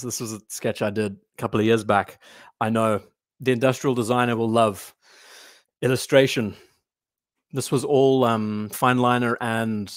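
A man with a medium-pitched voice hosts a loose, chatty watch livestream, musing out loud and answering viewers' chat comments as he reads them. The audio is close-miked and dry, with no surrounding room sound.

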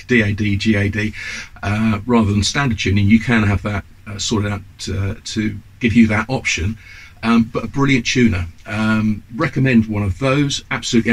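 A man's voice: fairly low pitch, husky, poor audio. A man in his fifties from the UK giving a chatty, enthusiastic guitar lesson to camera, with lots of ums and asides. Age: 50s. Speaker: guitar teacher. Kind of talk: casual instructional talk to camera.

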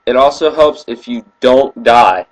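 A man's voice: mid-range voice, lively intonation, a little slow, rough recording. A man joking and teasing as a co-commentator on a video game playthrough. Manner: joking, goofy asides, swears. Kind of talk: casual gaming banter.

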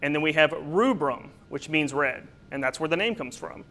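A man's voice: a little high, lively intonation, normal speed, bright, forceful tone. A man presenting a slide lecture on plant names, explaining patiently with occasional fillers and small asides. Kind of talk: slide-based botany lecture.

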